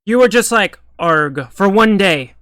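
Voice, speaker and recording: A man's voice: high voice, normal speed, a bit bright, no room sound. A man ranting in political commentary, exasperated, sarcastic and profane.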